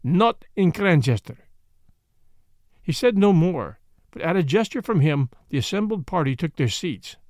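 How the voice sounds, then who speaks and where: A man's voice: fairly high pitch, animated, moderate pace, darkish tone, no echo, clean studio sound. Man narrating a mystery audiobook. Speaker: audiobook reader. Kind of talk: scripted narration.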